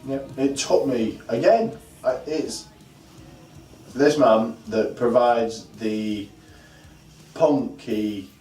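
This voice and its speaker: A man's voice: medium pitch, extremely slow, dark tone. A man chatting casually about music in a home vlog, dry and sarcastic. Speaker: vlog co-host reviewing albums. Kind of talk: casual chat. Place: home room with a fireplace. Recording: roomy sound from a distant mic with faint background noise.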